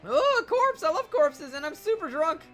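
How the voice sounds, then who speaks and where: A streamer voicing a cheerful, drunk ghost girl in a high, giddy voice while reading game dialogue. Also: big pitch swings, moderate pace, a bit bright, soft background music, heavily acted. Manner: giddy, slurring party voice.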